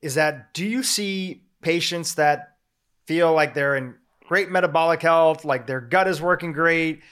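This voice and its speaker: Man, podcast co-host, measured, unhurried, fairly high voice. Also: a bit bright, clear, resonant tone. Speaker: podcast co-host reading listener questions. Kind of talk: casual podcast moderation.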